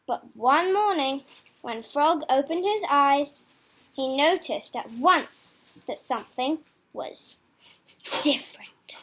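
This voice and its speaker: A woman reading a children's picture book aloud in a slow, expressive way. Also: high-pitched, a little hiss or hum. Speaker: storybook reader.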